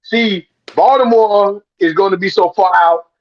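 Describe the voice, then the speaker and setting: Male podcast co-host, high voice, animated teasing sports banter, muffled sound. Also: a little slow. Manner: animated, teasing, repeats himself for emphasis. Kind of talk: casual sports talk.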